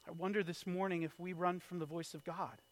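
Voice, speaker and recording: High-voiced man preaching a sermon. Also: fairly even intonation, fairly quick. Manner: storytelling with wide swings in loudness, from hushed to shouted. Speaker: pastor.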